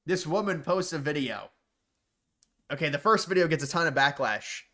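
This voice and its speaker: A man's voice: a little high, lively intonation, normal speed, pushed and bright. A man hosting a livestream, reacting to chat in blunt, profane, sarcastic rants. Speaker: livestream host. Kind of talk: casual livestream commentary.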